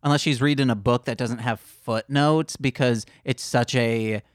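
A woman's voice: extremely low pitch, steady tone, normal speed, no echo, clean studio sound. A young woman co-hosting a podcast, chatting casually and bluntly, swearing freely. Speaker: podcast co-host. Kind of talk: casual chat.

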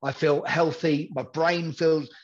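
A man's voice: on the high side, fairly even intonation, slow pace. Rambling man on a dull recording. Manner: rambling, repeats himself, acts out quoted voices. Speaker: podcast guest in recovery. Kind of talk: candid conversational storytelling.

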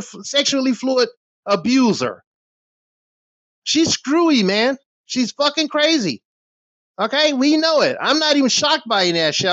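A man's voice: extremely high pitch, bright, forceful tone, dry recording. A middle-aged man ranting on his small commentary channel, heated, scornful and full of swearing. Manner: heated, profane, scornful rant. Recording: dull, dry lo-fi recording.

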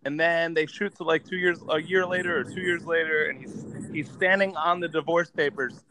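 A man's voice: fairly high pitch, steady tone, normal speed, sharp tone, a little hiss or hum, poor audio. A man casually retelling a movie plot to friends, rambling and swearing freely. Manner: profane, rambling storytelling. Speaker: podcast co-host.

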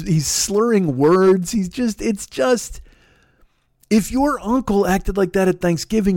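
A man's voice: high voice, no echo, studio quality. A middle-aged man from the Midwest hosting a podcast, ranting casually with lots of swearing and stumbling restarts. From Chicago, USA. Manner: profane, animated, stumbling restarts. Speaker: podcast host.

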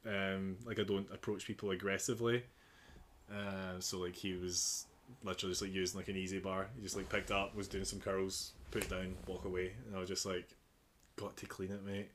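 A man's voice: deep voice, brisk, slight background noise. A young man from England, a personal trainer, telling gym stories in casual podcast chat, acting out the dialogue and laughing often. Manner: animated storyteller, acts out dialogue, laughs often.

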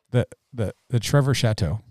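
A man co-hosting a church podcast in casual chat, joking and animated with quick jumps in pitch. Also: no echo, studio quality. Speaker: podcast co-host, church staff.

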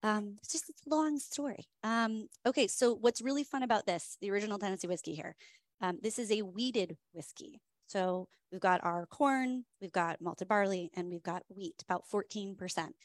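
A woman's voice: mid-range voice, normal speed, dry recording. A woman hosting a whiskey tasting, telling the story in a chatty, enthusiastic way with many fillers. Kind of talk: casual storytelling presentation.

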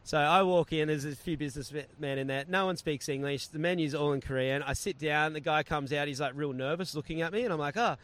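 Brief: man, a touch high-voiced, lively storyteller in a relaxed chat. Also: fast, few pauses. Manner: animated, acts out quoted voices.

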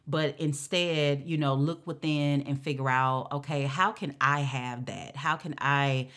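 A woman's voice: very deep voice, steady tone, unhurried, fairly bright tone. A woman giving a motivational talk to other women, conversational, with frequent fillers and "right?" check-ins. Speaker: speaker addressing women. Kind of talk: motivational talk with a personal story.

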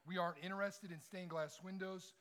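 A man's voice: high-pitched, fairly quick. A middle-aged man preaching to a room full of people, telling personal stories and acting out the quoted lines with bursts of volume. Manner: animated storyteller, acts out quotes loudly. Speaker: campus ministry speaker. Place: large room with audience.

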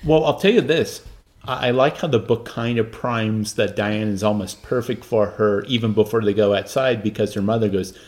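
A co-host chatting casually about a book, wry and quick to laugh. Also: mid-range voice, darkish tone.

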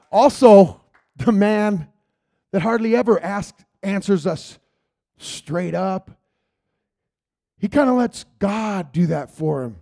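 Gravelly man giving church testimony. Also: high-pitched, dark tone. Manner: earnest, rambling, with repeated "Lord God" in prayer. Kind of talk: church testimony and spoken prayer.

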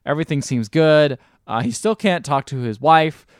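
A man co-hosting a podcast, recapping a film plot in a rambling, casual way and popping in quick silly voices. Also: fairly high pitch, clear, resonant tone, dry recording, clean studio sound. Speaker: podcast co-host recapping a movie. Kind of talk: casual chat.

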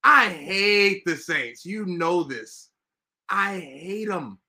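A Southern-accented man co-hosting a sports podcast, with a bright, forceful voice pitched a bit above average. He rants with animated, profane energy. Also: drawn-out words. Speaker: podcast co-host. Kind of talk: casual sports chat.

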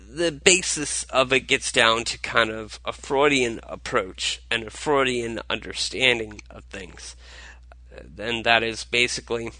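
A tired man hosting a casual solo podcast, talking in a halting way with many fillers and restarts. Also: medium pitch, pushed and bright, dry recording, rough recording. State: tired, low on energy. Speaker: podcast host.

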